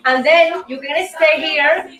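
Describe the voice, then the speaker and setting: A woman leads a dance lesson at a slow, unhurried pace, counting each step aloud and cheering the viewer on. Her voice sits a little high. It is picked up from across a roomy space, with music playing behind her. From Cuba. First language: Spanish. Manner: counts steps aloud, encouraging, repeats herself, bursts of shouting. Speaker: host and dance teacher. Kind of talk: demonstrating dance steps. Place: indoor room. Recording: roomy distant recording with music.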